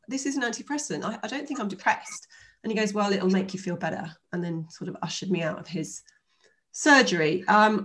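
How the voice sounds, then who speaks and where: Woman, fifties, interview guest, chatty storytelling, animated retelling. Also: medium pitch. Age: 50s.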